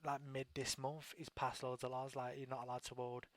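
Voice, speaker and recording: A man's voice: mid-range voice, level tone, brisk, dry recording. A man hosting a casual internet radio chat show, rambling with lots of restarts. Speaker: talk show host.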